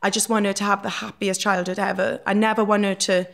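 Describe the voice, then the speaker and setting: Young Welsh woman, reality-TV guest, gravelly voice, raw and emotional, lots of "like". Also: mid-range voice, little pitch movement, fast talker, fairly bright tone. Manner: emotional, swears freely, many fillers. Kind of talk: candid podcast interview.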